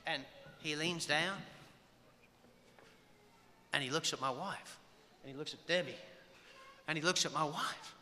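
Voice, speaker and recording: A man's voice: fairly high pitch, a little slow, pauses often, bright, forceful tone. A man telling a self-deprecating, joking anecdote to an audience. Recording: long hall reverb, faint room noise.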